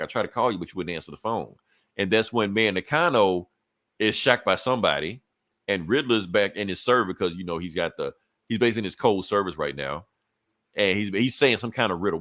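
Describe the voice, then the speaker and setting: Low-voiced man recapping comics, profane. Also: sharp tone, dry recording. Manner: profane, rambling retelling with quick voiced asides. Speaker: podcast co-host recapping a comic. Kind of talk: casual comic book recap chat.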